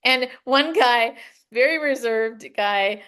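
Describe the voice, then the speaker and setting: A middle-aged American woman tells casual stories as a podcast guest, her voice a little high, slow and smooth. She's animated, laughs often and acts out what people said.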